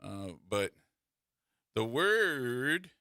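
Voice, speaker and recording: A man's voice: mid-range voice, big pitch swings, extremely slow, pushed and bright, no echo, clean studio sound. A man hosting a radio talk show, teasing and telling stories in a playful way.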